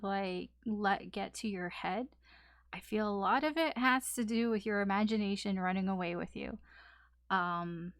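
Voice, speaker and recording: A woman doing a casual tarot reading, rambling along with plenty of ums and likes. Her voice sits at a middling pitch. The sound is dry and close, with no room echo. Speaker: tarot reader.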